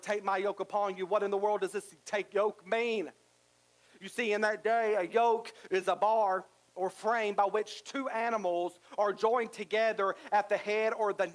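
A man with a high-pitched voice preaches a sermon in a drawl. He is middle-aged and builds his points through repetition and rising emphasis. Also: rough recording. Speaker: pastor.

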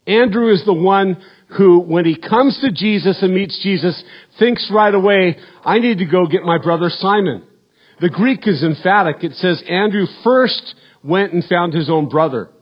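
A middle-aged man preaching a sermon as pastor, earnest and repeating words, his voice falling low at the end of points. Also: dull audio. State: emotional, choked up.

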